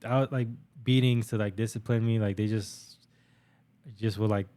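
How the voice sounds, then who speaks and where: A man's voice: fairly low pitch, steady tone, normal speed, warm tone, clear, resonant tone. A young man co-hosting a podcast, telling stories in a rambling, profane casual chat with many fillers. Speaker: podcast co-host.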